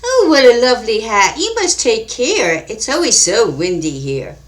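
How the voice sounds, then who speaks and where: A woman voicing a loud older shopkeeper dressed as a queen, speaking in a grand, old-fashioned manner. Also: a little high, very animated, moderate pace. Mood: gracious.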